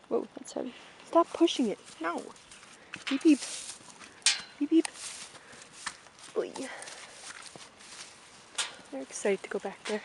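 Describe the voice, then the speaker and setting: A woman's voice: high-pitched, animated, slow pace, gravelly, pauses often, noisy background. A young woman casually vlogging an outdoor farm tour on a handheld camera, chatting and calling out to her ponies.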